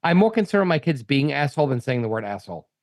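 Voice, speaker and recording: A man's voice: mid-range voice, big pitch swings, rapid-fire, dry recording, studio quality. Blunt, rambling male podcast guest. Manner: rambling, blunt and profane, with frequent restarts. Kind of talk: casual chat.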